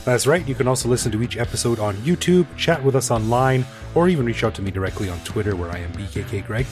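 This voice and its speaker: A man's voice: medium pitch, quick pace, soft background music. A man co-hosting a podcast in a casual, jokey chat. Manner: jokey, animated. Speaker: podcast co-host. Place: living in Bangkok.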